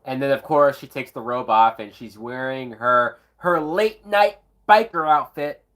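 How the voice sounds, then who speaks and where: A tipsy male movie reviewer delivers sarcastic, profanity-filled live commentary as he watches a film, bursting into whooping laughter. His voice is mid-range and slightly bright, and he takes his time.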